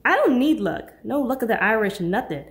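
Audiobook role: cheerful, joking male party guest, loud and upbeat, voiced by a woman narrator. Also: on the high side, very animated, normal speed, pitched above the performer's own voice. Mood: teasing. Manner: boisterous, teasing. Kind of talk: audiobook character voice.

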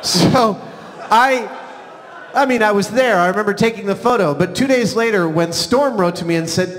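An animated, excitable man in his forties tells funny stories on a theater stage, his voice sitting high and lively. He swings from loud outbursts to hushed asides. The sound carries a long theater reverb with faint noise behind it. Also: moderate pace. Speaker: stage storyteller. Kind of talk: live comedic storytelling on stage.

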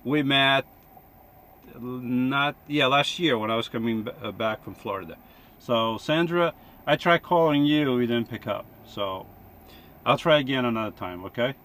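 A man vlogs casually from inside his van, talking close to the phone. His voice is mid-pitched and bright. He rambles and corrects himself as he goes. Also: unhurried, a little hiss or hum. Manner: chatty, rambling, self-correcting. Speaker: van-life vlogger. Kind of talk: casual vlog chat.

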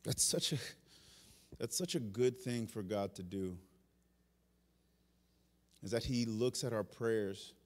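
A male pastor preaching a passionate sermon. He swings from loud, urgent peaks to quiet, intimate asides and acts out prayers and God's replies in the first person. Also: on the low side, slow, long pauses, big-room sound. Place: church sanctuary.

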